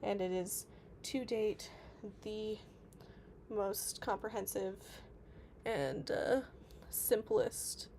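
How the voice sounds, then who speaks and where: A woman's voice: mid-range voice, steady tone, very slow, creaky, long pauses, dark tone, a little hiss or hum. A woman streaming live, chatting casually and reading out viewer comments, with lots of filler words. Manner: chatty, reads chat aloud, many fillers. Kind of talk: casual livestream chat.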